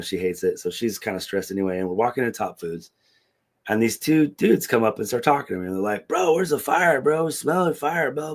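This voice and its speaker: A middle-aged man telling a long story in casual chat, animated and profane, acting out the dialogue. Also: lowish voice. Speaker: podcast co-host.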